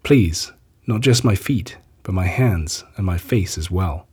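A man's voice: deep voice, expressive, a little slow, darkish tone, husky, exaggerated voice. A man voicing Simon Peter, an earnest and impulsive disciple, as he reads a gospel story aloud with an eager, pleading delivery.

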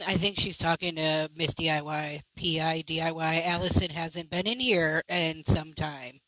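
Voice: medium pitch, measured pace, sharp tone, no room sound, rough recording. A co-host chiming in casually from off mic during a live chat show.

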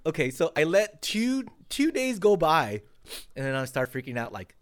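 A man co-hosting a podcast, telling animated stories full of swearing and quick restarts. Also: fairly high pitch. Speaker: podcast co-host. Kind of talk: casual chat.

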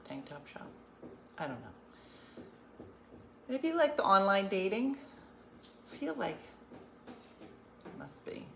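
A woman's voice: low-pitched, roomy sound, a little hiss or hum. A woman hosting an online show, chatting casually with viewers and laughing as she tells stories. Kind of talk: casual live-stream chat.

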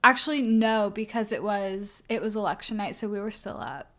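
A woman's voice: mid-range voice, animated, normal speed, a bit bright. Chatty young woman co-hosting a podcast. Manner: chatty, laughs often, filler-heavy. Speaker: podcast co-host. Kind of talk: casual chat.

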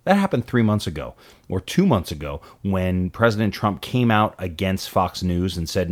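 Low-pitched male co-host, lively, acts out quotes, restarts often. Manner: animated, quick to act out quotes, stammers and restarts. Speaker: podcast co-host. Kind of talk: casual political chat.

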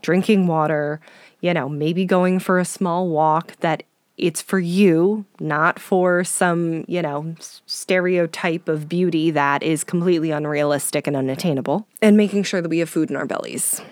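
A woman's voice: low voice, steady tone, moderate pace, dry recording, clean studio sound. A woman in her thirties hosting a podcast, talking casually about mindfulness and parenting and acting out inner voices. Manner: conversational, acts out inner voices, direct questions to listener. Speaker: podcast host.

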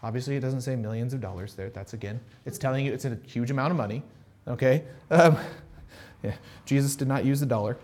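A man preaching a casual, conversational sermon, retelling a Bible story with animated asides and frequent check-ins with listeners. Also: mid-range voice, fairly quick. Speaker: pastor.

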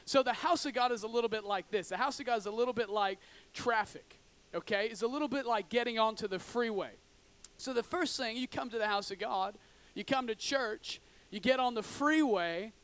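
A man preaching a sermon in an animated way, acting out frustrated drivers and swinging between loud outbursts and hushed asides. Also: high-pitched, clean tone. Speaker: pastor.

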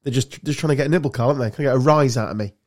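A man chatting on a podcast, full of banter and quick blunt asides. His voice sits mid-pitched and plain. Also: a little mellow. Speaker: podcast co-host. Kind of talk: casual chat.

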